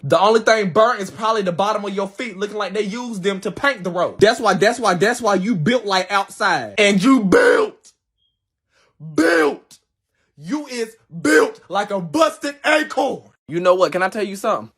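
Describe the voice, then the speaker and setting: A man voicing sassy young schoolkids who trade rapid-fire insults and burst into loud squeals. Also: high-pitched, animated, husky, exaggerated voice. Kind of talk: comedy skit character voices.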